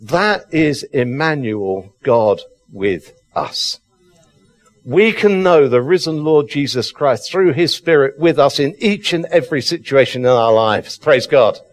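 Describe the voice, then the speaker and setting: A man's voice: medium pitch, expressive. A man preaching an Easter sermon, fervent and emphatic, repeating phrases for effect. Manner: fervent, emphatic, slow deliberate delivery with repetition. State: excited.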